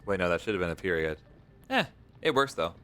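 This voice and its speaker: A man's voice: low-pitched, big pitch swings, brisk, pushed and bright, faint music behind. A young man streaming a game late at night, chatting casually, reading viewers' messages aloud and encouraging them. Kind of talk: casual live-stream chat while gaming.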